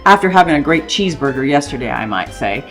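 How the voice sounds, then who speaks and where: A woman's voice: low voice, lively intonation, fast talker, fairly bright tone, faint music behind. A woman co-hosting a casual morning show, chatting playfully about the day. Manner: playful and rambling. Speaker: co-host presenting the national day.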